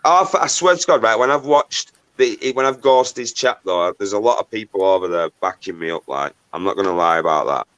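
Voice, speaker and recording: A man hosts a livestream and chats casually with his guests. His voice sits fairly low and sounds dry and close. He swears freely and keeps giving shout-outs to viewers by name. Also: expressive, a little fast, few pauses, dry recording. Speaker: livestream host. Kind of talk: casual chat.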